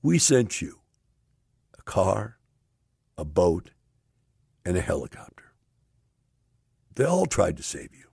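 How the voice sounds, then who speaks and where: A man's voice: low voice, big pitch swings, slow, gravelly, long pauses, a little mellow, slightly rough, no room sound, clean studio sound, exaggerated voice. A man voicing a patient heavenly gatekeeper explaining things plainly. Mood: matter-of-fact.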